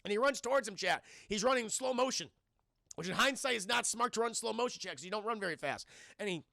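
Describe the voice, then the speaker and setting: High, gravelly man ranting to chat. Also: fast, no echo, clean studio sound. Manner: animated, swearing, addresses chat constantly. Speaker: streamer reviewing a film. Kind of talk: casual profane recap to stream chat.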